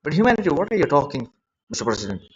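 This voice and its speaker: Man, fairly high voice, distressed rambling live-stream rant recorded on a dull lo-fi phone mic. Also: sing-song, racing, slight background noise. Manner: rambling, repetitive, agitated and emotional. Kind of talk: unscripted live-stream monologue.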